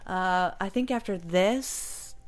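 A woman chatting as a guest about the stage show she created, rambling and animated. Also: lowish voice, slow. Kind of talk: casual interview chat.

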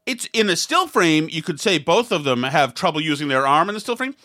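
Rambling opinion-show commentator, sarcastic, bright tone. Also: medium pitch, sing-song, brisk. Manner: rambling, sarcastic, mimics others in quotes; frequent restarts and asides.

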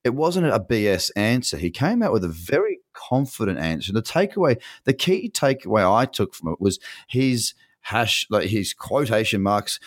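A man's voice: on the low side, sing-song, moderate pace, few pauses, no room sound, clean studio sound. An Australian man hosting a casual interview, asking long rambling questions with many restarts. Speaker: podcast host.

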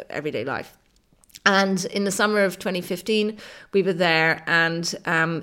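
A woman's voice: sits low, fairly bright tone. A middle-aged woman, an author and interview guest, telling a travel story vividly and with enthusiasm, with many fillers and restarts. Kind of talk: conversational storytelling.

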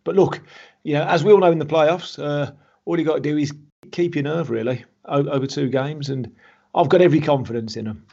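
Man in his fifties, slightly high husky voice, friendly banter, dull lo-fi sound. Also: brisk, mellow. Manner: friendly, banter, repeats words when starting. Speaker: guest, former footballer. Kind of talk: casual interview chat. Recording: dull lo-fi remote audio.

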